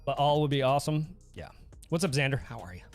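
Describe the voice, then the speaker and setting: Speaking at a quick pace in a mid-range voice, a man hosts a casual livestream with soft music in the background. His manner is goofy and animated as he reads out the chat and laughs frequently.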